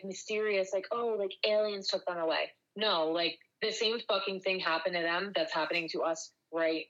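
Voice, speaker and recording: Bright-voiced woman, dull lo-fi sound. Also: fairly low pitch. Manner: chatty, swears freely, quick bursts. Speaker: podcast co-host. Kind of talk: casual chat.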